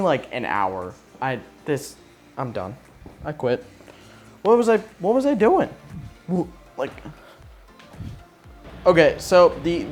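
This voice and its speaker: A man vlogging his PC build in a casual, profane and sarcastic way, ranting in frustration as he works. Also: medium pitch. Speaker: tech YouTuber.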